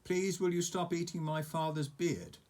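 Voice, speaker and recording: A man's voice: on the high side, steady tone, normal speed, darkish tone, pitched above the performer's own voice, close to an everyday voice. A man voicing an anxious young Viking boy, earnest and flustered.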